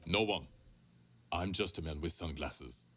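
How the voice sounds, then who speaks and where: Brief: a gruff, evasive video game stranger in sunglasses, raspy and very deep, tense and clipped. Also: male voice, unhurried, bright, forceful tone, heavily acted. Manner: curt, dismissive, swearing.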